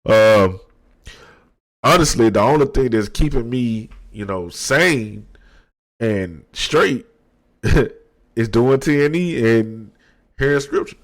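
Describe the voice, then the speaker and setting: A man in his thirties talking slowly and candidly into the mic at his desk, reflective and low-key, with slang and many restarts. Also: lively intonation. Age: 30s. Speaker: podcast host. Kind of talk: candid personal monologue.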